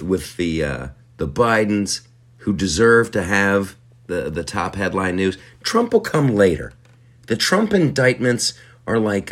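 Low, slow-talking man hosting a podcast. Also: a bit bright. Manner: rambling, self-mocking, with frequent fillers and restarts. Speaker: podcast host. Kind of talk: casual comedic monologue.

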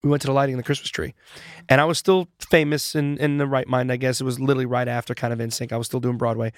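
A man in his forties chatting as an interview guest, an animated storyteller who swears casually. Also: medium pitch, racing, dry recording, clean studio sound. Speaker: interview guest, former boy band singer.

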